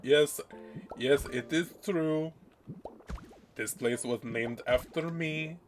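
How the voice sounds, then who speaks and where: A man's voice: on the high side, takes it slowly, soft background music. A man voicing a boastful young man who plays a tour guide, cocky and teasing.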